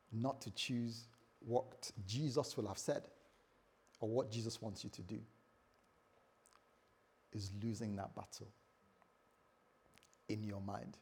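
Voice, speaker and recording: Male pastor, husky tone, animated sermon delivery with hushed lows and loud peaks, speaks his own inner voice aloud. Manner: animated preaching, jumps from quiet low lines to loud high bursts; acts out his own inner voice in quoted asides. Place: church service before a congregation.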